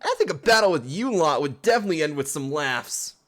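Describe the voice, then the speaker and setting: A man's voice: on the high side, big pitch swings, a little fast, fairly bright tone. A man voicing an eager, boastful teenage boy trainer in a put-on British accent. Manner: cheery, boastful.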